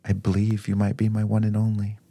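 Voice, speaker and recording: A man, a podcast co-host, playing a goofy lovestruck man hiding in witness protection in an improvised comedy skit, talking in a hushed, half-whispered, earnest way. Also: fairly low pitch, monotone, brisk, breathy edge, no room sound. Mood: mock romantic.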